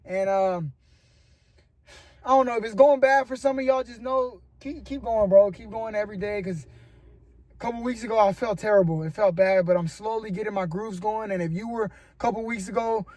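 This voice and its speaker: Earnest young man with a high voice. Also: brisk, a little mellow. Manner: earnest and rambling, motivational, says "bro" often. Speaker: vlogger. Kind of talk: casual talk to camera. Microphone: camera mic.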